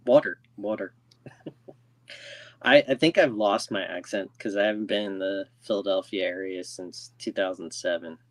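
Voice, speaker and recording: A man co-hosting a podcast, chatting casually in a relaxed, agreeable way and laughing easily. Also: sits low, moderate pace, no room sound. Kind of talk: casual chat.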